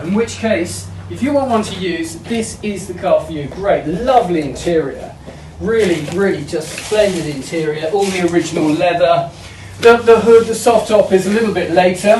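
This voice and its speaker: A man's voice: sits high, a little mellow, slight background noise. Chatty man in an echoey room. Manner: chatty, jokey and enthusiastic. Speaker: auction house presenter. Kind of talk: casual sale preview walkthrough. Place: auction sale room. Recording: echoey room, mic at a distance.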